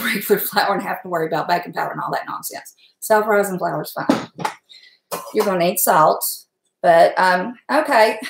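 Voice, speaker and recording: A middle-aged woman, hosting a casual cooking stream from her home kitchen, folksy and chatty, laughing often and talking fast from nerves. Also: fairly high pitch, vocal fry. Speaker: home cook and channel host. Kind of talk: casual cooking livestream chat. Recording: echoey kitchen room.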